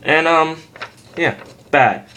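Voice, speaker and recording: Speaking slowly in a fairly high, bright, forceful voice, a young man gives a loose, do-it-yourself tutorial on screaming. He cusses a lot and cracks jokes at his own expense, seemingly recorded on a simple home camera mic with a little hiss or hum.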